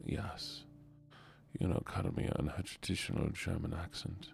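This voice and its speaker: Gravelly whispering male streamer. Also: low-pitched, steady tone, unhurried, soft background music. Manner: soft whispering, playful chatter to viewers. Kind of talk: whispered role-play.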